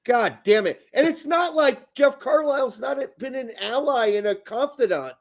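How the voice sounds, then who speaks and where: A man hosting a podcast, his voice high for a man. He rants in casual chat, sarcastic and swearing freely. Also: animated, moderate pace. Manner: ranting, profane, sarcastic. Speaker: podcast host.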